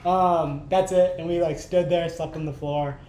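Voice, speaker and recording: A man hosts a podcast with a fairly high voice, telling stories in an animated way with frequent laughter and casual swearing. The sound is echoey, with a faint low rumble underneath. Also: normal speed. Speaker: podcast host. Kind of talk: casual chat.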